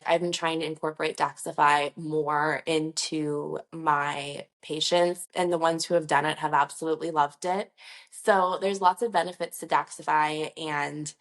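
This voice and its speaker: Chatty nurse lady rambling on to camera, kinda low voice with lots of vocal fry. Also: fairly even intonation, measured pace. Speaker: nurse injector. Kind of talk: casual talk-to-camera vlog.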